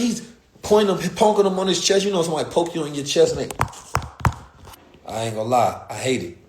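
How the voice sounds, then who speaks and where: An American man hosting a casual show, telling a story in loose, slangy talk. He jumps into the voices of the people he describes, and his middling voice rings in a roomy space. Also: medium pitch. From United States. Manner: animated, slangy, acts out quoted voices. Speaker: podcast host. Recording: roomy echo.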